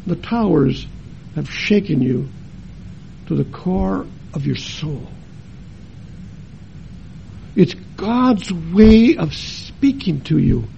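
Older male preacher, high and lively voice, dramatic sermon storytelling. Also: drawn-out words, gravelly, long pauses, dull audio, slight background noise. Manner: dramatic, swings between loud emphasis and hushed tones; acts out family members' voices in his story. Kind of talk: sermon with personal testimony.

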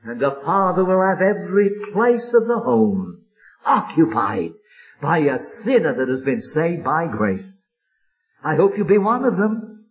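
A man preaching a sermon with fervent, drawn-out emphatic phrases, from an old recording. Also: fairly high pitch, sing-song, dull audio.

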